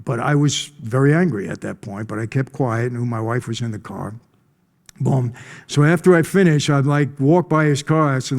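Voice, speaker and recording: Addressing a conference audience, this middle-aged speaker recounts his life story in a blunt, testimonial style. He talks at a normal speed in a mid-range voice with a darkish tone.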